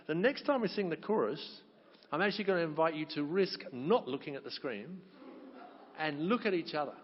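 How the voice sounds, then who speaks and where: A man's voice: on the high side, big pitch swings, a little fast. A man from Wales with a Welsh accent, leading a crowd in a sing-along as a chatty, encouraging choir leader. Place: large hall at a conference. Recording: echoey hall, dull sound.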